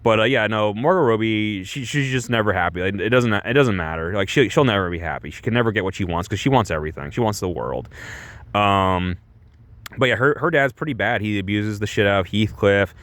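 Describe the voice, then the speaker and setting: A man's voice: lowish voice, fairly quick, a bit bright, no echo. A man rambling casually through a movie review, restarting his sentences often and filling the gaps with "like" and "you know". He swears freely.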